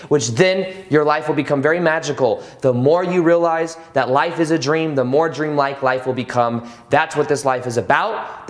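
A young adult man hosting a spiritual video, speaking earnestly to the viewer with repeated, emphatic phrases. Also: a little high. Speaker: spiritual YouTube host. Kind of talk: motivational spiritual talk to camera.

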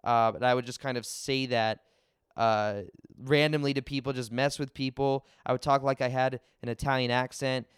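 A young man hosting a podcast, telling a personal spiritual story in an energetic, casual way with many fillers and restarts. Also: mid-range voice, normal speed, clear, resonant tone, dry recording, clean studio sound. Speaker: podcast host. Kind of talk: personal spiritual talk to listeners.

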